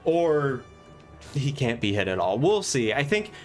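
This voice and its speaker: A man's voice: medium pitch, sing-song, measured pace, soft background music. A man acting as game master, thinking aloud as he rambles through plans for a tabletop session. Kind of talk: casual planning monologue.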